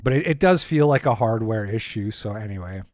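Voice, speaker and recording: A man hosting a stream, telling a rambling story in a casual, animated way, swearing freely and poking fun at himself. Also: fairly low pitch, a little fast, no echo, clean studio sound. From Canada. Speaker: streamer host.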